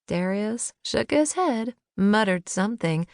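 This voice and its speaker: A woman narrating a first-person novel in a measured, lightly wry manner, on a close studio mic. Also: medium pitch, lively intonation, dry recording. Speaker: audiobook narrator.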